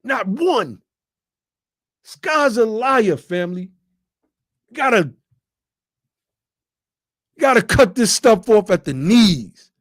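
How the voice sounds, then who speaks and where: A fiery man, hosting a livestream talk with a preacher's emphatic cadence. His voice sits high and bright. It is recorded dry and close, with no room sound around it. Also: big pitch swings, slow pace, long pauses, no room sound. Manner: preacherly, emphatic, calls listeners family. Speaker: podcast host.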